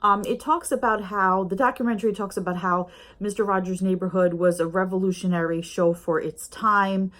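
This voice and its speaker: A woman's voice: medium pitch, steady tone, moderate pace, a bit bright. A middle-aged woman from the United States giving a casual review at home, chatty and rambling, with lots of ums and uhs. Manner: chatty, rambling, with many fillers. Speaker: YouTube reviewer. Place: home with a snoring pet dog nearby.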